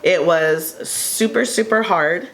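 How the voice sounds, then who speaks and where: A woman co-hosting a casual table talk, telling a heartfelt personal story in an earnest way with many pauses and ums. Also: on the low side. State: tearful at moments. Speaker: panel co-host sharing her story.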